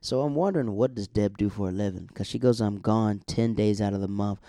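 Mellow-voiced young man recapping casually. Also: on the low side, fairly quick, dry recording, clean studio sound. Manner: rambling, chatty, self-correcting asides. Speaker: show recap host.

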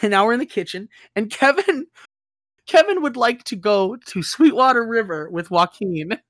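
A woman's voice: a little high, lively intonation, moderate pace, fairly bright tone, no echo. A young woman hosting a casual recap podcast, rambling and laughing, acting out quotes. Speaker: podcast host.

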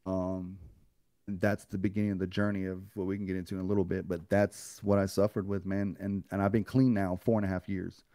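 Low, dark-voiced man telling a raw story. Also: flat delivery, brisk, dry recording, studio quality. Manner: blunt and profane, acts out others' lines in a raised voice. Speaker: podcast guest. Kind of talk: emotional personal storytelling.

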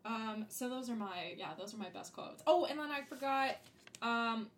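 A young woman co-hosting a relaxed podcast chat, her voice sitting a little high. She laughs between thoughts and drops into playful voices when she quotes a line. Her talk is loose and chatty, full of small fillers. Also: normal speed, slight background noise. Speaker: podcast co-host. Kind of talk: casual chat.

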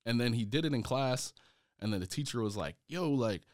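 A man's voice: medium pitch, brisk, no room sound, clean studio sound. A young adult man, a startup founder as a podcast guest, telling stories in casual conversation, acting out quotes and filling his talk with "like". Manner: animated, acts out quoted speech, many fillers.

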